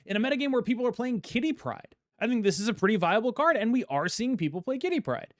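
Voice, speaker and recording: A man co-hosting a gaming podcast, talking in an animated, jokey way. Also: very high voice, fast talker, no echo, clean studio sound. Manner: animated, jokey, breaks into an announcer voice. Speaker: podcast co-host. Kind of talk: casual gaming podcast chat.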